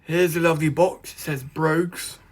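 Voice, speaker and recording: Male vlogger, rambling chatty unboxing talk, slightly raised pitch, faint hiss behind. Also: normal speed. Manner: chatty, rambling, easily excited. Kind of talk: casual unboxing vlog.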